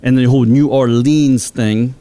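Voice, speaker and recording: Casting: male podcast co-host from South Louisiana, lively chatty delivery that rises when he argues a point. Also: normal speed. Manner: animated, rising in pitch when making a point. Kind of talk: casual chat.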